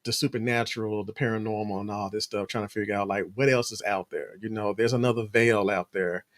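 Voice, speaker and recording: Animated man telling stories in casual chat. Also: fairly low pitch, a little fast, dry recording. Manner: animated storyteller, acts out quotes, laughs often. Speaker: podcast co-host.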